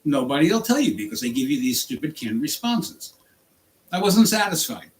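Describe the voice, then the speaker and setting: A man's voice: big pitch swings, normal speed, low-quality recording. Furious man ranting about his job. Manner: angry, exasperated ranting with pitch jumps. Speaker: rideshare driver and channel host. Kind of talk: ranting vlog.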